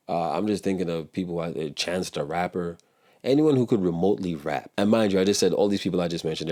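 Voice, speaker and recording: A young man with an American accent, his voice sitting very low. He talks in a relaxed, meandering way, dropping slang and laughing as he comments on what he just heard. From United States. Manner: laid-back, rambling, laughs often, with slang. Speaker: reaction video host. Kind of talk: casual commentary.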